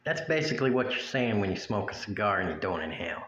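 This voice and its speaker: A man's voice: on the low side, big pitch swings, fast talker, a bit bright, slight background noise. A man ranting in a blunt, crude and mocking way. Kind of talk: profane rant to camera. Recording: echoey room with faint ambience.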